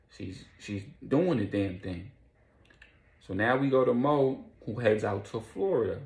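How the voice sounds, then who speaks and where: A man's voice: fairly low pitch, vocal fry, a little mellow. A man casually telling a rambling story in slangy speech, in an echoey room.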